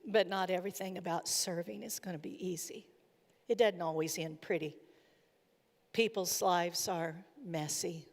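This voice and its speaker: A woman's voice: fairly low pitch, fairly even intonation, normal speed. A woman giving a chapel sermon in an earnest storytelling manner, retelling what people said. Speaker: chapel speaker. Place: college chapel. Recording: echoey hall reverb.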